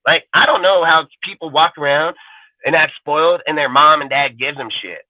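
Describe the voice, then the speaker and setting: On a live sports talk show, a male host rants aggressively, defiantly and profanely. His voice is on the high side at a moderate pace, heard over a tinny, phone-like dry line with no room sound.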